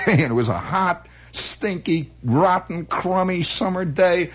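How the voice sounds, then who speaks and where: A man spins comic anecdotes in a rambling monologue, stopping to restart and jumping into voices. His pitch sits a little high and swings widely. The tone is husky. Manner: animated, rambling, with many restarts and acted-out voices.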